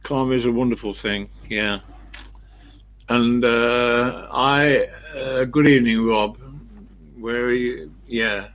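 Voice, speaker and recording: A man's voice: mid-range voice, fairly even intonation, slow pace, fairly bright tone, low-quality recording. An older man chatting casually and bluntly with livestream viewers, rambling through anecdotes. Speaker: livestream host.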